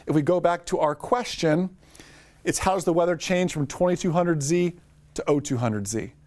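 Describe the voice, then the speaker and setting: Guy teaching a live drone class, quick and upbeat, voice a bit on the high side. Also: darkish tone. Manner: fast, upbeat, talks to viewers by name. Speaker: drone pilot instructor. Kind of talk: live online lesson.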